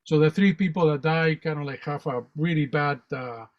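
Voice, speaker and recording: A man, a guest on a spiritual talk show, telling stories in an animated, rambling way and often repeating words. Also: on the high side, normal speed. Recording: dull lo-fi online radio audio.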